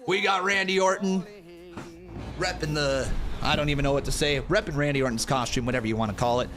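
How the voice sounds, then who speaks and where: A young man hosting a live watch-along stream, loudly hyping up his chat with shouts and chants. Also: on the high side, brisk. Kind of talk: hyped watch-along commentary. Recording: music under the voice. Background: music playing.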